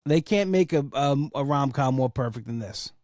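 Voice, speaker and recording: A man's voice: mid-range voice, animated, moderate pace, a little mellow, no room sound, studio quality. A young man hosting a casual solo podcast, rambling with enthusiasm and swearing for emphasis. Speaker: podcast host.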